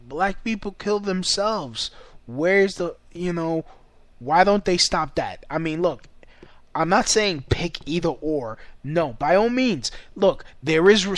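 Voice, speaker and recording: A young man vlogger ranting in a loose, rambling way, swearing freely and laughing often. His voice sits fairly high, and the recording is close and dry. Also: no echo. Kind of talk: casual ranting commentary.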